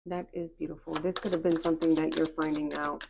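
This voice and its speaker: A woman's voice: sits low, level tone, a little fast, vocal fry, background noise. A woman giving a spiritual oracle card reading to her viewers, reassuring and encouraging in a casual, slangy way, often repeating phrases.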